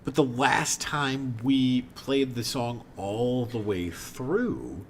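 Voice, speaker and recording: A man's voice: medium pitch, expressive, takes it slowly, a little hiss or hum. A man talking earnestly about playing music with his bandmate in a casual podcast chat.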